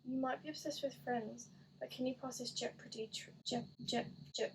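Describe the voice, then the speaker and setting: A woman's voice: sits high, fairly even intonation, a little fast, background noise. An eighteen-year-old woman chatting casually while doing an online quiz, rambling and self-deprecating with lots of "like". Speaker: gaming YouTuber.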